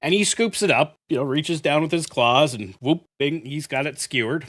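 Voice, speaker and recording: A man's voice: a little high, normal speed, a bit bright. A man hosting a gaming channel, telling a rambling, profane story full of fillers. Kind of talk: casual storytelling while playing.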